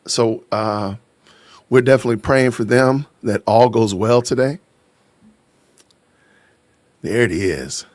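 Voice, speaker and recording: A man from Illinois who lives in Georgia hosts a casual livestream, joking, laughing often, and greeting his chat. His medium-pitched voice has a darkish tone on a dry recording, and he speaks slowly with frequent pauses.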